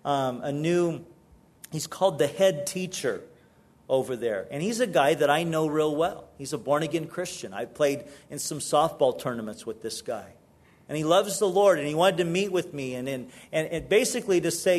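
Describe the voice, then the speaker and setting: Animated husky-voiced male pastor. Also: on the high side, normal speed. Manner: animated, conversational storytelling with repeated restarts. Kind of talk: sermon.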